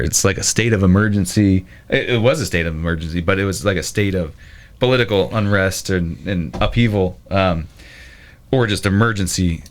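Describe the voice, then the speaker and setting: A man, a guest on a podcast, telling a personal story in a halting, casual way. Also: deep voice. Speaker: guest, brewery owner.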